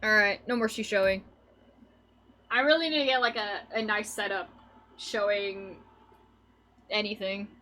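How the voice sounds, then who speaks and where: A woman's voice: mid-range voice, fairly even intonation, a little slow, pauses often, sharp tone. A young woman streamer in casual, rambling chat with her viewers, laughing often as she talks. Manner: rambling and giggly, chatting with viewers.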